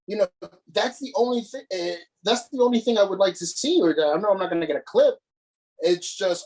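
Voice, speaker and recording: A man's voice: high voice, lively intonation, fast talker, a little mellow, poor audio. A man co-hosting a podcast, ranting in casual chat with plenty of profanity and exasperation. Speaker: podcast co-host.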